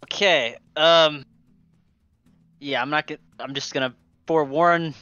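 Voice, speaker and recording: A man with a bright, crisp voice plays a tabletop game, hesitant and unsure of the rules. The sound is dry and dull, from a lo-fi mic. Faint music plays underneath. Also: a little high, measured pace, dry recording. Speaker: player. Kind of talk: playing a tabletop game over voice chat.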